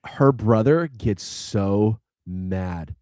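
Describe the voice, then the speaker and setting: A man's voice: lowish voice, animated, very slow, a little mellow, dry recording, clean studio sound. A man on a podcast retelling a video game story in a casual, rambling way, full of likes and restarts. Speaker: podcast co-host.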